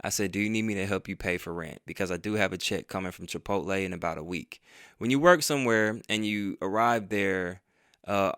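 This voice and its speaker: A man's voice: low voice, fairly bright tone, smooth, no echo, clean studio sound. A man telling a personal story in a casual, profane storytime monologue, acting out the dialogue as he goes. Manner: conversational and profane, retelling with quoted dialogue. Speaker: vlogger and podcaster.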